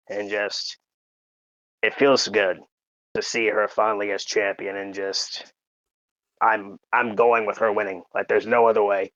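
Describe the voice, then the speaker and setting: Low voiced guy on a podcast, choked up and halting, dull dry lo-fi mic. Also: little pitch movement, a bit bright, no room sound. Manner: emotional, halting, many fillers and restarts. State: holding back tears. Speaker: podcast co-host. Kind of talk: casual podcast chat.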